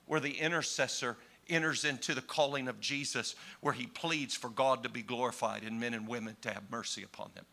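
Bright-voiced man preaching with rising passion. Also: medium pitch, steady tone, brisk, creaky, few pauses. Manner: impassioned, swings from hushed to shouting. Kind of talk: sermon.

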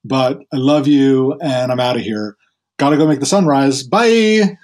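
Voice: mid-range voice, unhurried, darkish tone, natural voice. A storyteller voicing the sun god as a casual, doting father who talks in modern slang. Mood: breezy, fond, pleading.

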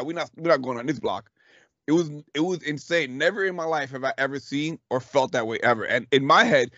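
A man in his thirties telling a story in casual chat. He is animated, swears freely, laughs often and acts out what people said. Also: fairly high pitch, no echo. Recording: dull, dry lo-fi recording.

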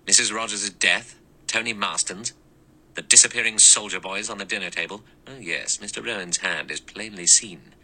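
A man's voice: fairly low pitch, moderate pace, pushed and bright, low-quality recording. A man voicing a hard, cynical adventurer who speaks grimly and drily. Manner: hard, grim, dry.

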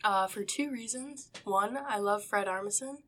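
A woman co-hosting a comedy podcast, giggly and excitable, laughing often. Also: mid-range voice, normal speed. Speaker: podcast co-host.

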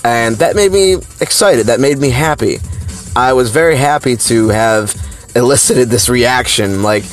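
A man of ordinary middle pitch spinning a childhood anecdote, loose and rambling, full of "uh" and "like". He gets animated as the story builds, with faint music playing underneath. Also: measured pace. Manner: rambling, filler-heavy, animated. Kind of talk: casual personal story.

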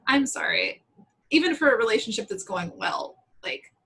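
A woman's voice: on the high side, measured pace, gravelly, breathy edge, rough recording. A woman in her thirties co-hosting a podcast in casual chat, laughing often and acting out what people said. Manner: chatty, laughs often, quotes people in animated voices. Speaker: podcast co-host.

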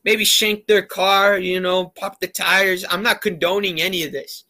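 A man's voice: sits high, flat delivery, unhurried, sharp tone. A man telling a rambling story in a casual chat, heavy on fillers.

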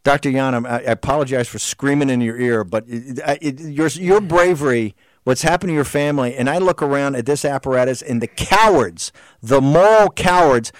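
A man's voice: mid-range voice, fairly quick, dry recording. A man hosting a talk show, delivering a heated, combative political rant full of repeated rhetorical questions. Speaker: show host.

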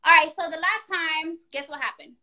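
High, bright-voiced woman telling a story. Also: moderate pace. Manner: animated, profane storytelling with acted-out quotes. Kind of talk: casual storytelling chat.

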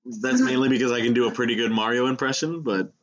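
Animated man joking on a podcast. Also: mid-range voice, fast, lo-fi sound. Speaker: podcast co-host. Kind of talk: casual podcast chat.

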